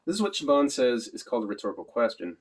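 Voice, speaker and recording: A man's voice: mid-range voice, sing-song, quick pace, husky. A man narrating an audiobook in the first person in a literal, matter-of-fact way.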